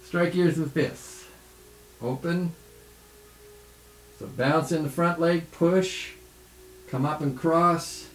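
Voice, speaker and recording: A man teaching tai chi in a home studio, calmly calling out the steps of a follow-along routine. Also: a little high, a little hiss or hum. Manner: calm, relaxed, calls out steps slowly. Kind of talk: follow-along movement instruction. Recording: echoey studio room.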